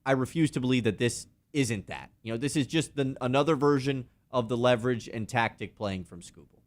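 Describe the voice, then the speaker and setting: A man co-hosting a sports radio show, talking in animated, sarcastic banter and mocking with put-on quotes. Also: mid-range voice, brisk.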